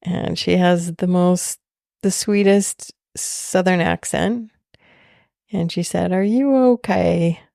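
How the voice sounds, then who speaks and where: A woman podcast host telling a personal story in a slow, heartfelt, soft-spoken way. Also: lowish voice, flat delivery, gravelly, no room sound, clean studio sound.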